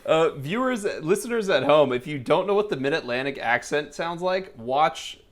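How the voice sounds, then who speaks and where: A man's voice: a little high, lively intonation, moderate pace. A man co-hosting a movie podcast in casual, rambling chat and laughing often. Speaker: podcast co-host. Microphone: headphones, home podcast setup.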